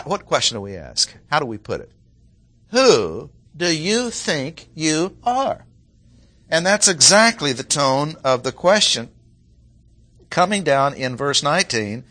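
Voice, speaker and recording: Bright-voiced man preaching a sermon. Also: medium pitch. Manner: emphatic, acts out quoted lines with shifting tone; clears throat often, restarts phrases. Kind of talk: expository sermon.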